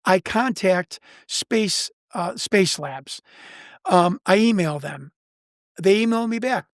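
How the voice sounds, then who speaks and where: Fast-talking Chicago man telling a story. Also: high-pitched, lively intonation, no room sound, clean studio sound. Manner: fast-talking, repeats words and restarts. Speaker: UFO investigator, podcast guest. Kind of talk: animated storytelling in an interview.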